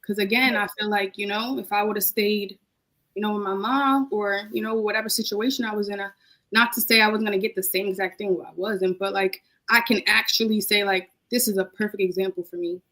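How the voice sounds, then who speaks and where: A woman's voice: mid-range voice, steady tone, brisk, fairly bright tone, rough recording. Emotional young woman, casual heartfelt talk. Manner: emotional, heartfelt, repeats phrases. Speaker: podcast guest. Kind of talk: casual chat.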